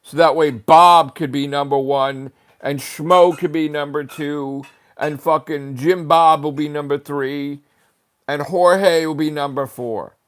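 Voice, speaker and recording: A man's voice: on the high side, steady tone, slow, smooth. A man putting on the voice of a smug, preppy man scheming to rig a leaderboard, in a mocking sing-song.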